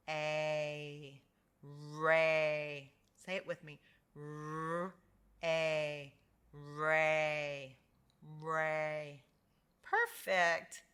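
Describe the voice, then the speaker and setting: An American woman teaching English pronunciation, drawing out sounds slowly and praising each try. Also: mid-range voice, a bit bright. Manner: slow, patient, drawn-out sounds for repetition; encouraging praise after each drill. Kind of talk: slow phonics lesson.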